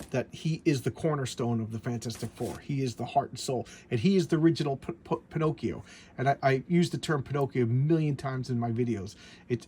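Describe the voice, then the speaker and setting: A man's voice: mid-range voice, a little mellow, slight background noise. Rambling man chatting about comic books. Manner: rambling, stammers and repeats words. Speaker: comic book collector vlogger. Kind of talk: casual chat.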